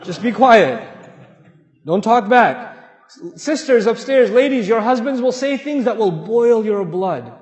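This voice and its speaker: A man's voice: sits high, measured pace, lo-fi sound. A man from Pakistan preaching in a large mosque hall, telling stories with humor and acting out the voices of people in them. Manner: animated, humorous, acts out quoted voices. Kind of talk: storytelling sermon. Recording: echoey hall.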